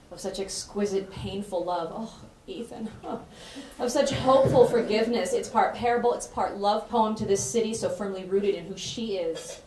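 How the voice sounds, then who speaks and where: A woman's voice: on the low side, darkish tone. A chatty, effusive woman gives a heartfelt introduction speech at a bookstore event, laughing often as she goes. She is picked up from some distance away in a roomy, echoing space, with a faint hum of the room behind her.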